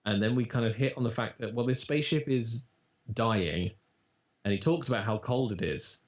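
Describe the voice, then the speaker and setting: A man who works as a voice actor, talking casually in an interview and telling animated stories, with quick demo voices. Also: mid-range voice. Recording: dull lo-fi audio.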